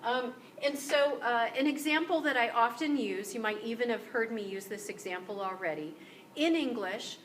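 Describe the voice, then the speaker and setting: A woman instructor giving a recorded lecture, explaining clearly and slowing down to model example sentences. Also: a little high, a bit bright, a little hiss or hum, poor audio. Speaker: university instructor. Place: room with motion-sensor lights.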